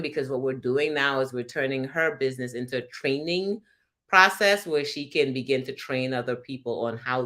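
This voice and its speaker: A woman hosts a casual online call, her voice bright and forward. She talks in a lively, rambling way, laughs often and restarts her sentences. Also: very deep voice. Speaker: host. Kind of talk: casual livestream talk. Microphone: video call.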